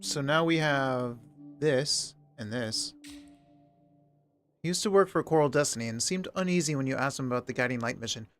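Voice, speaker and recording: A man's voice: mid-range voice, normal speed, fairly bright tone, faint music behind. A man streaming a game, reading its narration aloud and chatting casually into a desk mic on an arm. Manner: casual, reads narration aloud, talks to himself. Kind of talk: let's play commentary and reading game text.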